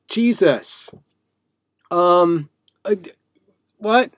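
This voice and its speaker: A man's voice: fairly high pitch, a little mellow, no room sound. Rambling man in a small dry room. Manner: rambling, playful, halting with many fillers and restarts. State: sweaty. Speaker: live stream host. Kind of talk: casual livestream monologue.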